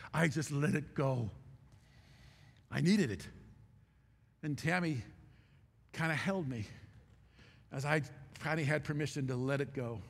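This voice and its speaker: An older man telling an emotional story in a sermon, halting and repeating himself as he speaks. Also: fairly high pitch, fairly bright tone. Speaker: pastor. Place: church sanctuary. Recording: hall reverb in a church.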